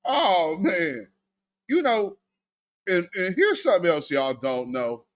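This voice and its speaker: A man with a high-sitting voice speaks slowly while hosting a live stream. He offers casual political commentary, animated and laughing often as he talks to his chat.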